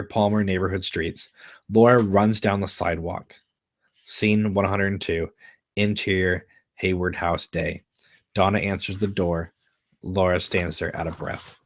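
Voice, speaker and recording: A man's voice: deep voice, fairly even intonation, a little slow, pauses often. A man hosting a live stream, reading a screenplay's stage directions aloud in a plain, matter-of-fact way, sometimes stumbling over words.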